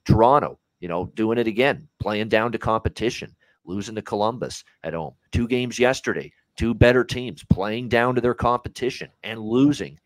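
Man, lowish voice, heated ranting podcast co-host, casual swearing, dry close sound. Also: normal speed, no room sound. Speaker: sports betting podcast co-host.

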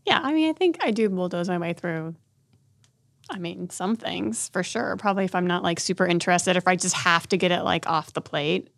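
Woman with a gravelly, wry voice. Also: on the low side, a little fast, a bit bright, dry recording. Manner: wry, teasing, laughs often. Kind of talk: casual chat.

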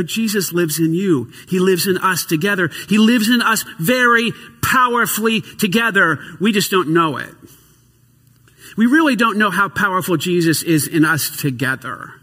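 A tired man preaching a sermon to a congregation in a church, swinging between loud emphasis and quiet asides. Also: sits high, breathy edge, long reverb tail. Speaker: pastor.

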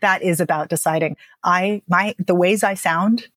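A woman speaking as a speech and dialect coach, explaining with emphatic, lively phrasing and frequent "right?" checks. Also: on the low side, normal speed, dry recording, clean studio sound. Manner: animated, emphatic, lots of "right?". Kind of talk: podcast interview guest.

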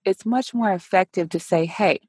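A woman's voice: medium pitch, moderate pace, a little mellow, breathy edge, no room sound, studio quality. A woman hosting a casual interview over a call, talking animatedly and acting out quoted dialogue. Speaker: podcast host. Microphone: remote call recording.

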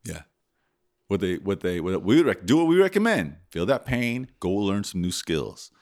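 Animated low-voiced man telling stories. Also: normal speed. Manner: animated storyteller, acts out his own reactions. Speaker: podcast co-host. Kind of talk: casual chat.

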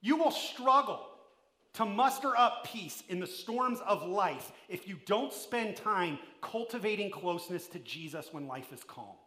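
A man giving a sermon as pastor, preaching emphatically, swinging between loud and hushed and putting questions straight to his listeners. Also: high-pitched, animated, unhurried, roomy sound. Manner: addresses the listeners directly with questions.

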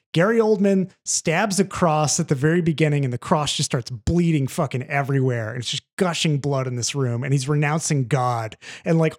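Animated, rambling podcast host man. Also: a little high. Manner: animated and rambling, swears freely. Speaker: podcast co-host reviewing films. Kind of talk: casual chat.

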